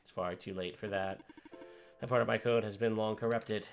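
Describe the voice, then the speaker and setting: A man voicing an apologetic computer program that runs a game world, explaining itself in an earnest, halting way. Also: on the low side, steady tone, creaky, faint music behind.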